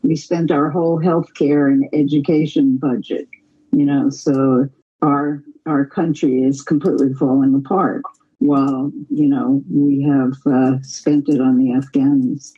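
Brief: woman hosting a casual call-in podcast, dark husky voice, blunt. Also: a bass voice, level tone, measured pace, highs cut off. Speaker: host. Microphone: call-in app.

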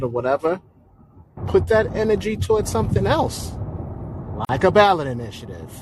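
A man's voice: mid-range voice, lively intonation, moderate pace, noisy background. A man calling in to a talk show, speaking in an earnest, persuasive way. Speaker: caller. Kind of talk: casual call-in chat.

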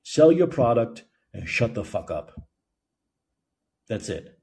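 A male call-in show host on an angry, profane rant. His mellow, dark-toned voice swings widely in pitch, climbing high when he gets worked up and dropping low into muttered asides. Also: very animated, slow, creaky. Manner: heated, profane, sneering. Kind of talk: opinion rant.

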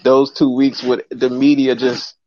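A man hosting a call-in sports podcast in casual chat, slangy and animated, laughing often. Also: mid-range voice, a little slow, dry recording. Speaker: podcast host. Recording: dry, dull lo-fi audio.

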